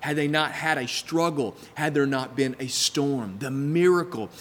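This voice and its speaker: A man's voice: medium pitch, measured pace, slight background noise. A man preaching a sermon with dramatic delivery, acting out the voices of doubters and of God. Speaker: pastor. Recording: long hall reverb.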